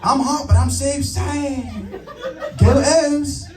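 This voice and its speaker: Guy putting on a breathy high 60s movie starlet voice, flirty and sad, roomy club, crowd laughing. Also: steady tone, takes it slowly. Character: breathy, sad, flirty 1960s female film star. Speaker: stand-up comedian. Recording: roomy live club sound from a distance.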